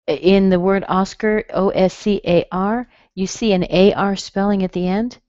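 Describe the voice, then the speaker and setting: A woman's voice: medium pitch, fairly even intonation, dark tone, smooth, no echo. A woman teaching pronunciation in an online class, patiently saying words again and again. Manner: slow, patient, repeats words for drill. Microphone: computer mic. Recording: dull muffled webinar audio, dry.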